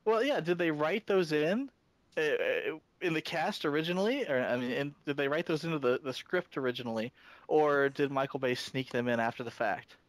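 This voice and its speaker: A man co-hosting a casual fan discussion podcast, talking in halting bursts full of restarts and fillers. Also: on the high side, dry recording. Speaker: podcast co-host.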